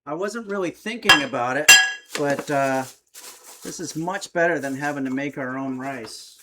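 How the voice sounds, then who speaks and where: There's background noise behind this man's fairly high voice, delivered at a normal pace. He hosts a relaxed cooking demo stream from his home kitchen, loosely reading chat messages aloud and rambling with lots of fillers.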